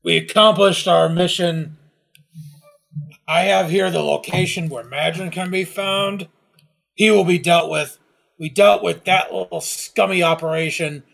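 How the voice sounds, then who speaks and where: A man's voice: sits high, steady tone, a little slow, creaky, a bit bright. A man narrating a tabletop role-playing game as game master, setting scenes dramatically.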